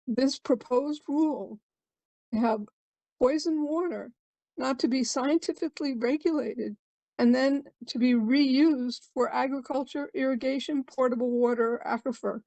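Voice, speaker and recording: Emotional older woman, high dry voice. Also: darkish tone, dry recording, rough recording. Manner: emotional, urgent. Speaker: public commenter. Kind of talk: impassioned public comment.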